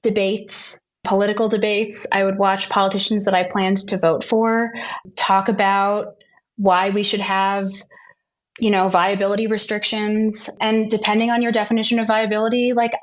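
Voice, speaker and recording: A woman's voice: medium pitch, level tone, normal speed, dull audio. A woman patient advocate giving earnest personal testimony in a panel conversation, often searching for words.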